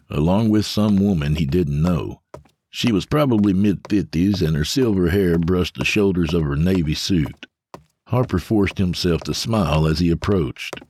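A man narrating a dark horror story in a measured, scripted way. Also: low-pitched, slight background noise.

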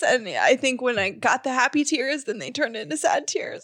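A woman co-hosting a relaxed podcast, with a high voice that swings widely in pitch. She keeps breaking down into helpless laughter and tears, and sometimes she can barely get the words out. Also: moderate pace, few pauses, no echo, clean studio sound. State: crying with laughter. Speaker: podcast co-host. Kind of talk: casual chat.

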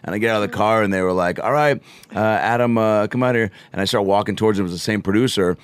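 Deep-voiced man telling casual stories. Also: quick pace, clean tone, dry recording. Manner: storytelling, playful voice impressions. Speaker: podcast host. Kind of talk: casual chat.

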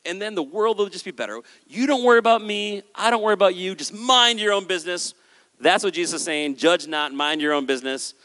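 A man preaching a sermon on stage with a handheld microphone, animated and acting out the voices of listeners and Jesus. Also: high voice, a little fast. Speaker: pastor. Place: large hall with a stage. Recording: hall with long reverb.

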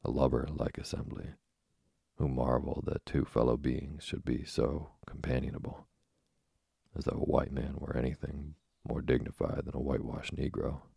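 A man reading a classic sea novel aloud in a measured, dramatic storytelling manner. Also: extremely low pitch, flat delivery, gravelly, dark tone, breathy edge, no echo, clean studio sound. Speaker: narrator.

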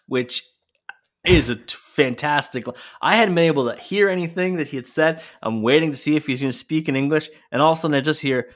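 A man's voice: on the high side, lively intonation, brisk, fairly bright tone. A man co-hosting a podcast, chatting casually and swearing freely while recapping a wrestling show. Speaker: podcast co-host.

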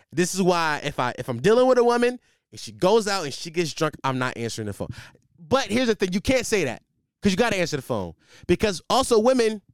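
A man's voice: on the high side, no room sound, studio quality. A man hosting a podcast, riffing casually and comically, rambling with lots of fillers and restarts. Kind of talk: casual comedic monologue.

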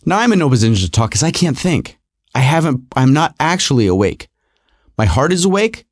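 A middle-aged man telling a personal story in an animated, repetitive, self-mocking way. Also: medium pitch, brisk, no room sound, clean studio sound.

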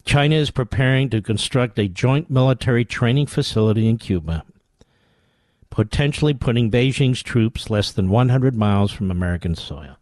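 Talk radio host, male, sarcastic and combative, very lively pitch swings, dry close sound. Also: normal speed, no echo. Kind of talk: political talk radio commentary.

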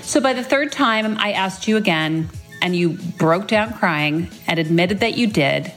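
A woman's voice: medium pitch, animated, unhurried, a bit bright, faint music behind. A middle-aged woman, a mother, reading a fond birthday tribute and telling a tender family story. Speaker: mother leaving a birthday message. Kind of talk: read-aloud birthday tribute.

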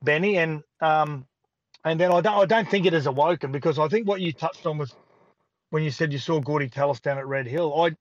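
A man's voice: a little high, brisk, no echo, highs cut off. A man with an Australian accent chatting casually as a radio guest, rambling and restarting his thoughts. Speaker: guest sports commentator.

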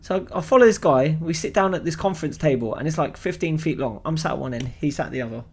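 A young man telling a story on a podcast in an animated, swearing way. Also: a little high, quick pace, creaky, husky. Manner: animated, swears freely, acts out voices. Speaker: podcast co-host. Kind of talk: casual storytelling chat.

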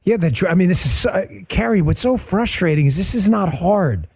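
A man hosting a talk show interview who speaks emphatically, with quick asides. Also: lively intonation, a little mellow, breathy edge. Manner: emphatic, quick asides, pleading pitches to listeners. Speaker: host.

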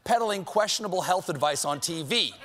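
A man's voice: high voice, lively intonation, fairly quick, sharp tone, slight background noise. A man hosting a late-night show, delivering a comedic monologue with punchy jokes and sarcastic asides. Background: studio audience laughing.

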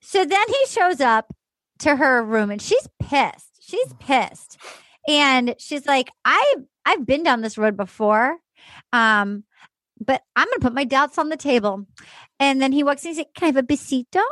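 A woman hosts a casual podcast chat, her voice pitched high and swinging widely as she retells scenes with emphatic energy. The sound is dry and close, with no room around it. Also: unhurried, dry recording. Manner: animated, emphatic storytelling with acted quotes. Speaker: podcast host. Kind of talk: casual chat recapping a dating show.

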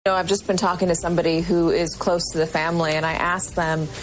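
A woman reporter speaking on a news broadcast clip, brisk and fluent, with a few fillers. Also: lowish voice, level tone, low-quality recording.

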